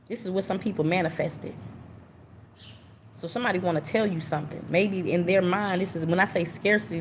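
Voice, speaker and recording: Woman, low voice, earnest and informal tarot reader channeling spirit messages live, faint hiss behind. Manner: earnest, repetitive, emotional, informal speech.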